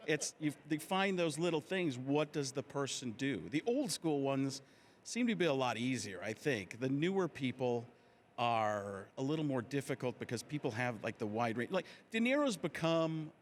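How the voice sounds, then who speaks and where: A man, a comedian guest in casual talk show chat, animated and slipping into voices mid-sentence. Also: medium pitch, moderate pace, a little hiss or hum.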